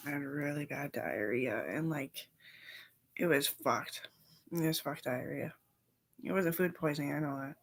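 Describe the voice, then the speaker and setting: Gravelly low-voiced woman, profane rambling chat. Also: unhurried. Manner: profane, storytelling with quoted voices.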